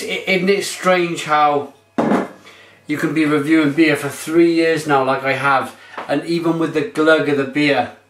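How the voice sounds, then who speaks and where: A man's voice: a little high, a bit bright, roomy sound. Gushing man reviewing beer. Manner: gushing, exclamatory. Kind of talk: casual beer review vlog.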